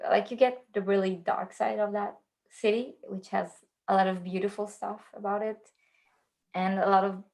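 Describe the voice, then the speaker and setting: A woman's voice: medium pitch, gravelly. A woman chatting as a guest on a video call, giggly and rambling as she tells stories. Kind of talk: casual video chat.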